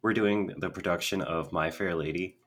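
A man's voice: low-pitched, fairly even intonation, moderate pace, a bit bright. A young man co-hosting a casual podcast, rambling through tangents with lots of fillers, from Minnesota. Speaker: podcast co-host. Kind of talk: casual chat.

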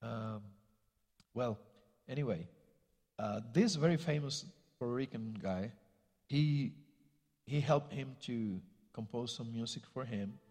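A man with a Spanish accent, a guest missionary speaker telling a story in a church sermon, halting and searching for words as he goes. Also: medium pitch, a little mellow, in a large hall.

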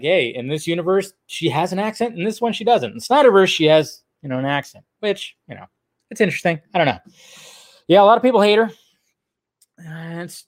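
A man hosting a casual live video chat, answering viewer comments in a loose, rambling way with lots of fillers and restarts. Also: a little high. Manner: loose and offhand, swears casually. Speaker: host of a live video show.

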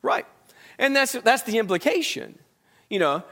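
High-voiced man teaching a Bible class. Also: lively intonation, measured pace, pushed and bright. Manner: conversational, asks the class questions, frequent restarts. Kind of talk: Bible study lesson.

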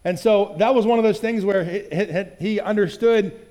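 A man's voice: high-pitched, normal speed, a little mellow, long reverb tail. A male pastor giving a conversational sermon, often checking in with "right?" and acting out quoted lines in other voices.

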